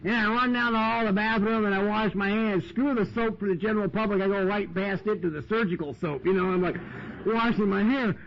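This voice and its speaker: A man's voice: sits high, fairly quick, vocal fry. A man speaking at a recovery meeting, telling stories in a chatty way with lots of "you know" and "man", recorded on an old tape. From United States. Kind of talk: recovery talk storytelling. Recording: dull lo-fi 1990s tape with hiss.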